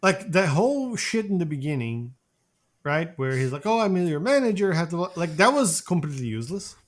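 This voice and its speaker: Guy on a movie podcast, bit high voice, jumps all over in pitch, keeps restarting. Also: moderate pace. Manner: animated, trailing restarts. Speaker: podcast co-host. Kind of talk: casual film review chat.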